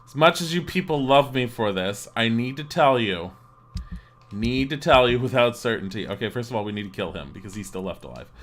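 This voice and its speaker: A man live-streaming a video game from his home, chatting casually, rambling and laughing, with bursts of swearing and excitement. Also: medium pitch. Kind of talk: casual live-stream chat over gameplay.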